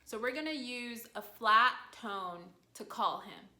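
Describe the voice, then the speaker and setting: Bright, slow-paced woman teaching a lesson. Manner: animated, swoops high when acting out calls to a dog. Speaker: language teacher. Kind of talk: lively video lesson. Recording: echoey room.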